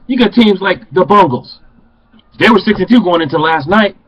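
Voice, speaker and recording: A man's voice: high voice, lively intonation, moderate pace, highs cut off. An older man, a passionate sports fan, ranting to camera in a home vlog and repeating phrases for emphasis. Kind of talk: fired-up fan rant to camera.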